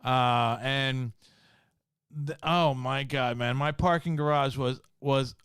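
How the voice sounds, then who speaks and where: A man's voice: fairly high pitch, a bit bright, smooth, no echo, clean studio sound. Slangy man telling a spooky story. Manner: slangy, swears a lot, says "bro" and "man" often. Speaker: podcast host. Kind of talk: casual storytelling.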